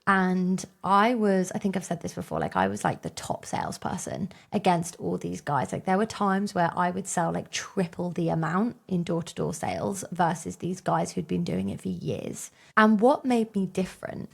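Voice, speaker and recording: Woman in her 30s, solo podcast host, casual and upbeat, creaky texture, recorded outdoors. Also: fairly low pitch, very animated, normal speed, hardly any pauses. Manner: chatty and upbeat, lots of fillers. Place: outdoors on a hot, windy day.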